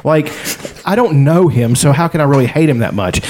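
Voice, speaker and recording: A man's voice: on the high side, animated, a little fast, background noise. A man co-hosting a podcast in casual chat, grumpy and profane, laughing often. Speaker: podcast co-host.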